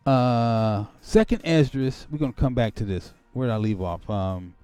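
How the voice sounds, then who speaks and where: A man preaching and giving an emotional testimony. He swings between quiet reflection and angry outbursts. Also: medium pitch, animated, normal speed, smooth, no room sound, soft background music. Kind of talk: impassioned sermon-like testimony.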